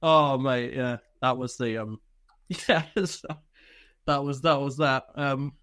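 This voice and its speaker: A man's voice: medium pitch, takes it slowly, a bit bright, clean tone. A man, an army veteran and podcast guest, telling casual stories with plenty of swearing and laughter. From United Kingdom. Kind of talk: casual storytelling.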